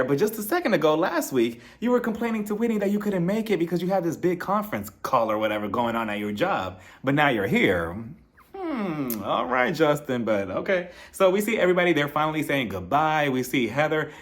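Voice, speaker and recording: Sassy, animated man recapping reality TV. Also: on the high side. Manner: sassy and gossipy, mimics the cast in quoted lines; laughs often between remarks. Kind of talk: casual recap commentary.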